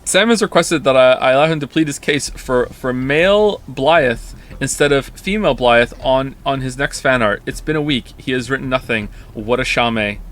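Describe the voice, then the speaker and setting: A man's voice: mid-range voice, normal speed, few pauses, fairly bright tone. A man streaming live, chatting casually and reacting to viewer comments in a rambling way with frequent restarts.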